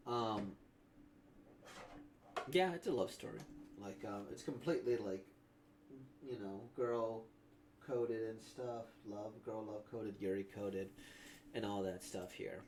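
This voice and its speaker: A man's voice: fairly low pitch, takes it slowly, pauses often, a little mellow, a little hiss or hum. A man reacting to a comic he has just read, talking casually in a rambling way full of fillers. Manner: rambling, filler-heavy talk. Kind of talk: casual commentary.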